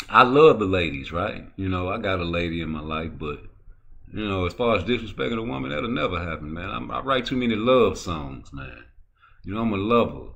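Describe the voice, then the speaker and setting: Male boxing talk host: heated, profane ranting, lower voice with a forceful edge. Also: lively intonation, moderate pace, creaky. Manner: profane, heated, swings from low mutter to loud ranting. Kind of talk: ranting commentary.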